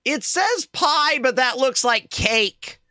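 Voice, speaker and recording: A man's voice: extremely high pitch, takes it slowly, smooth, dry recording, studio quality. A man streaming a retro game, chatting casually with his chat, with a sore throat. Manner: chatty, animated. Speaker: VTuber streamer. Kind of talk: casual game stream, reading dialogue aloud.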